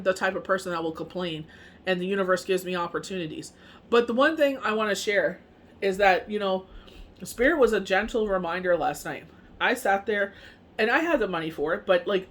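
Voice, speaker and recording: A Canadian tarot reader and medium talks in a casual, rambling monologue loaded with fillers like "you know what I mean." Her voice is mid-range and a bit bright, with a little hiss or hum in the recording.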